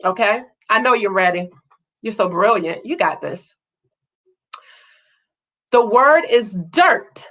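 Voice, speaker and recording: A woman teaching an online phonics lesson to young children, speaking slowly and praising every answer. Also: fairly high pitch, a bit bright. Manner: slow, drawn-out and encouraging, praising each answer.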